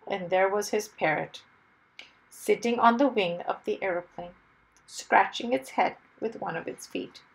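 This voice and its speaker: A woman reading a children's story aloud with expressive, lively storytelling. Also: on the high side, vocal fry, low-quality recording. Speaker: storybook reader.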